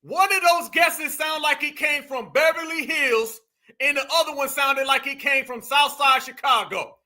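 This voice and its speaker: A man's voice: very high-pitched, moderate pace, bright, forceful tone. A man hosting a political commentary show, reacting to clips with incredulous, mocking exclamations.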